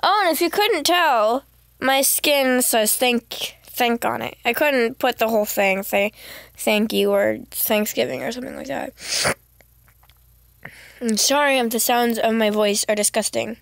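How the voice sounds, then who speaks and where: A woman streaming a game, chatting casually in a giggly, excitable, rambling way while sounding sick. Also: a little high, a little slow, no echo, clean studio sound. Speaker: gamer streamer. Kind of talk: casual live-stream commentary.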